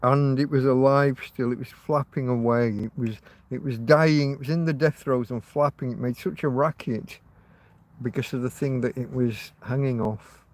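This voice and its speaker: A man's voice: mid-range voice, fairly even intonation, moderate pace, a little mellow. A man hosting a casual livestream, rambling and chatting to his viewers with frequent restarts. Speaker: livestream host.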